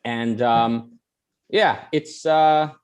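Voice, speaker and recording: Animated male talk-show host. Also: medium pitch, extremely slow, clear, resonant tone. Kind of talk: casual panel talk.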